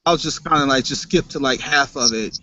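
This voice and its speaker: A man hosting a casual online group discussion, talking in a halting way and repeating words. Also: mid-range voice, sharp tone, no room sound. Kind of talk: casual group video call. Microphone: video call. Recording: muffled video call audio.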